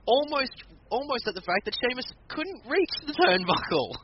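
A man's voice: extremely high pitch, moderate pace. A man co-hosting a casual podcast, animatedly retelling a wrestling match and acting out what people said. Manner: animated storytelling, acts out quotes. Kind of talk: casual chat recapping matches. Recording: muffled lo-fi audio with background noise.

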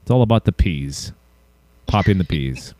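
A man's voice: sits low, animated, moderate pace, a little mellow, dry recording. A man hosting a podcast, rambling and joking around while reading announcements and listener mail. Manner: goofy, rambling, self-mocking. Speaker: podcast host. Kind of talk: casual podcast chat.

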